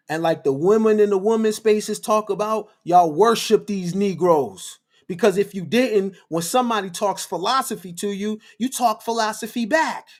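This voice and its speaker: A man hosting a livestream, lecturing his viewers in a fiery, preachy monologue, repeating phrases for emphasis. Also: sits high. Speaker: livestream host.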